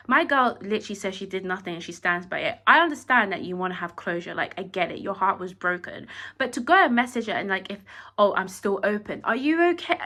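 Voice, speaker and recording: A woman giving a casual, animated opinion review of a reality show, acting out quotes from the cast and saying "like" often. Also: mid-range voice. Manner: animated, acts out quotes, frequent "like".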